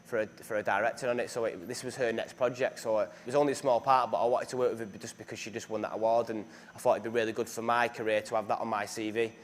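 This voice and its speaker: A man's voice: on the low side, fairly even intonation, quick pace, hardly any pauses. Chatty young man. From northern England. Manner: chatty, self-deprecating, many fillers and restarts. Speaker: actor being interviewed. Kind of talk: casual interview.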